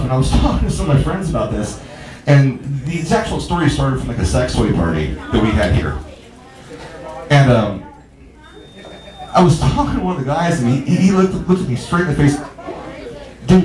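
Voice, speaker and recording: A man's voice: on the high side, big pitch swings, normal speed, pauses often. A man doing a stand-up comedy set in a small bar, telling rambling, stammering stories and bantering with the crowd. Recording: echoey bar room.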